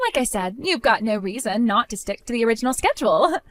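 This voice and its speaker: A woman's voice: a little high, expressive, fast, faint music behind, lightly acted. A woman voicing a spiteful young woman, the groom's sister, who talks in a mocking, dismissive way.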